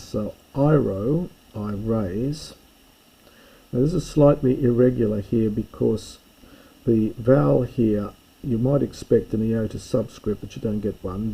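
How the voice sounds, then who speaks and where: A man's voice: fairly low pitch, mellow, husky, rough recording. A man teaching a recorded language lesson, explaining forms step by step in a methodical way. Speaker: Greek teacher. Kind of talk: recorded lecture.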